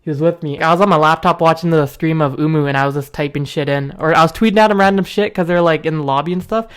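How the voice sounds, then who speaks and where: A young man hosting a gaming video, telling a rambling story with bursts of excitement. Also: a little high, quick pace, clean tone. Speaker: gaming channel host.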